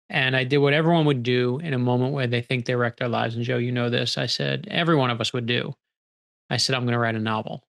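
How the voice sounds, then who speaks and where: A man in a podcast interview, telling stories with lively, animated energy. His voice sits at an ordinary middle pitch, and he speeds up in quick bursts. He acts out the dialogue he quotes. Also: vocal fry. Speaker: guest author. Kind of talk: conversational storytelling.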